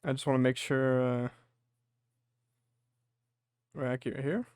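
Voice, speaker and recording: A man narrating a tabletop horror game as game master, descriptive and unhurried with frequent fillers. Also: mid-range voice, fairly even intonation, a little mellow, clear, resonant tone, dry recording, clean studio sound.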